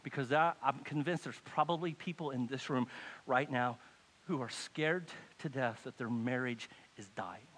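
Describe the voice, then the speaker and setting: A male pastor preaching a sermon to a congregation in a church, dropping to hushed lines and rising to loud pleading. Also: medium pitch, normal speed.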